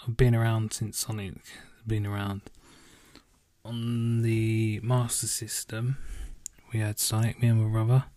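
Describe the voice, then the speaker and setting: Speaking at a measured pace in a level tone, this young man has a dark, lowish voice with no echo. He's a sleepy podcast host, yawning through a relaxed solo chat, drifting off on tangents and swearing as he responds to listener questions.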